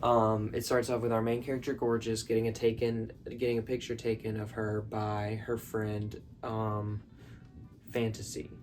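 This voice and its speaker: A man's voice: lowish voice, completely flat delivery, moderate pace, few pauses, darkish tone, soft background music. A man in his bedroom rambling through a film recap, full of "like" and "um". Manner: rambling, filler-heavy, lots of "like". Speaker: vlogger. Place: bedroom at night.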